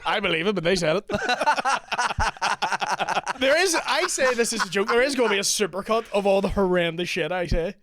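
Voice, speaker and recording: A man with a high, bouncy voice that leaps around, tossing quick jokes into a podcast chat. He laughs his way through the asides. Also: animated, a bit bright. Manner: quick jokey interjections, laughing. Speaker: podcast co-host. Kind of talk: casual banter.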